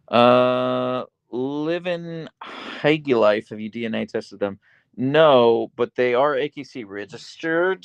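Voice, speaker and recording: A man with a gravelly yet smooth voice hosts a laid-back livestream in a small bedroom, reading chat messages aloud and talking to his dog in a high baby-talk voice. The audio is dull, with no room sound.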